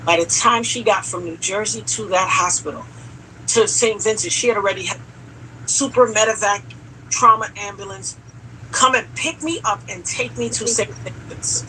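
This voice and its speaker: A woman's voice: mid-range voice, normal speed, a little hiss or hum, poor audio. A woman telling a dramatic personal story in a casual chat, acting out what people said. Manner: dramatic, animated storyteller who acts out quotes.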